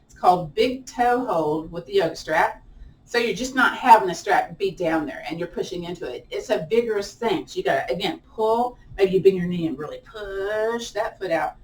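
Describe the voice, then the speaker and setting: A woman's voice: mid-range voice, normal speed. A woman yoga instructor with an American twang guiding a chair yoga class, chatty and playful, laughing at her own jokes. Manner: chatty and playful, laughs often, self-teasing. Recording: echoey room, distant mic, faint hiss.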